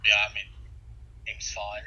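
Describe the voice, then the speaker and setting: A man voicing a suspicious crusader soldier in a tabletop game, commanding and gruff. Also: lowish voice, monotone, a little slow, bright, forceful tone, lo-fi sound, full character voice. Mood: wary. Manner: commanding, barking orders.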